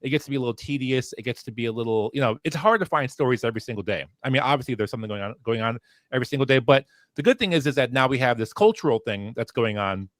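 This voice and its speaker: A man's voice: mid-range voice, expressive, racing, no room sound, studio quality. A man filling in as host of a casual livestream talk show, rambling with lots of fillers and restarts, on a headset mic at home. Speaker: fill-in host.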